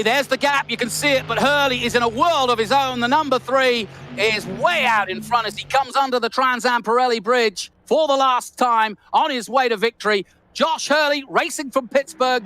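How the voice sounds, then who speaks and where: A man commentating an esports race, excitable and jokey, swinging from loud calls to quiet asides. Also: very high-pitched, slight background noise. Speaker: lead commentator.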